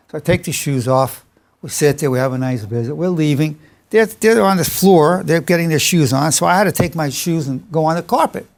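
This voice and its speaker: A man's voice: high-pitched, vocal fry. An older man, a psychologist, giving an informal lecture and telling personal anecdotes in a chatty, self-amused way. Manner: chatty storyteller, amused by his own stories.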